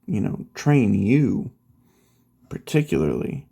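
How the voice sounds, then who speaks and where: A man's voice: on the low side, big pitch swings, takes it slowly, vocal fry, dark tone, slightly rough, full character voice. A man voicing a laid-back teenage boy classmate, talking in a casual, slangy way.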